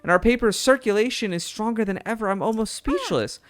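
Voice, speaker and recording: A man's voice: high-pitched, expressive, brisk, a bit bright, no echo, soft background music, pitched above the performer's own voice. A man reading a proud newspaper editor in a game, in a raised voice.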